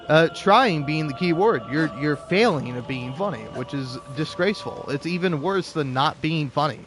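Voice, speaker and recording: A man's voice: on the high side, a bit bright. A man talking in a rambling, casual commentary style, sarcastic and profane, laughing often between his points. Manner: rambling with frequent restarts. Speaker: gaming video creator.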